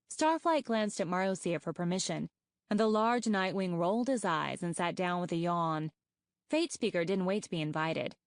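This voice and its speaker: A woman's voice: lowish voice, expressive, normal speed, no echo. Woman narrating an audiobook, dry sound. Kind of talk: scripted narration.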